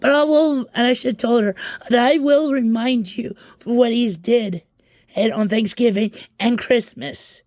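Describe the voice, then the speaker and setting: A young woman talks straight to her viewers in a rambling storytime vlog, venting her frustration and tripping over restarts as she goes. Her voice sits fairly high. The sound is dry and close. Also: unhurried, darkish tone, dry recording. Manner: frustrated, restarts and repeats words while venting. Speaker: vlogger.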